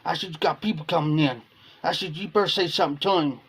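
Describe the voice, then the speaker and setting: Talking fast in a slightly high, fairly bright, husky voice, a livestream host tells his chat a long, rambling story. He keeps saying "I said" as he recounts it, keeping the whole thing casual.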